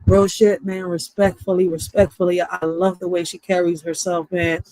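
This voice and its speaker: A woman's voice: fairly low pitch, flat delivery, normal speed, warm tone, dry recording, poor audio. A woman in her thirties chatting casually on a live stream, candid and rambling, often swearing and asking "right?". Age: 30s.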